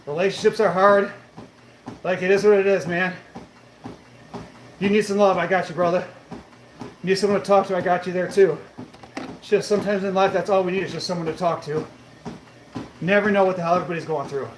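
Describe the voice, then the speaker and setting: A fitness streamer answers chat in a laid-back manner, cursing freely and calling viewers bro and brother. His high voice is steady and a little fast, with long pauses between thoughts. The recording has an echoey room sound and faint background noise.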